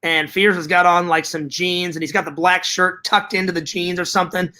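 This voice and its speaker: A man's voice: high voice, level tone, a little fast, sharp tone. A man hosting a casual livestream chat, reading viewer comments aloud and rambling, repeating himself and swearing freely.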